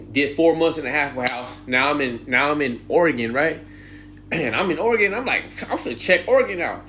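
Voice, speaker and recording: Streetwise man spinning a story, bright and lively delivery, faint hiss behind. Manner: animated, slangy, swearing, mimics high-pitched greetings. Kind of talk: casual storytelling monologue.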